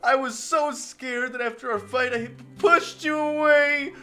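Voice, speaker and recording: A man voicing a sweet, tearful teenage girl from a visual novel, soft, apologetic and clingy. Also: very high voice, fairly even intonation, unhurried, soft background music, pitched above the performer's own voice, full character voice. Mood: tearful, affectionate.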